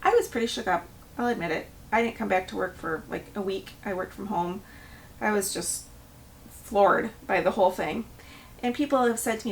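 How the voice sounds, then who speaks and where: A woman's voice: mid-range voice, normal speed, far from the mic, slight background noise. A middle-aged woman, a property manager, telling a story in a vlog and acting out the people she quotes. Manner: animated storytelling, acts out quoted voices.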